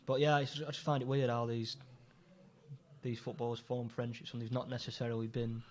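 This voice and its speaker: Laid-back bloke chatting on a podcast. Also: male voice, mid-range voice, little pitch movement, a little fast. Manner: laid-back, asks questions. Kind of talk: casual chat.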